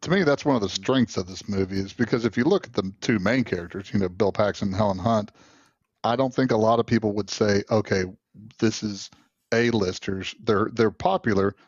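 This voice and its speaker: A Southern man co-hosts a movie podcast, talking through his opinions in a loose, rambling way. His voice sits low. The recording sounds muffled and dry. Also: a little fast, breathy edge, no echo. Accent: Southern American. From American Deep South. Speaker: podcast co-host. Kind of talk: casual chat.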